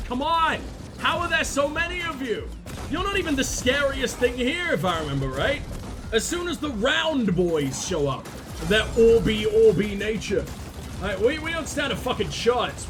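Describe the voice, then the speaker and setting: A young man giving crude, joking commentary while playing a video game, laughing often and shouting now and then. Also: sits high, noisy background. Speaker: gaming video host. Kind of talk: let's play commentary.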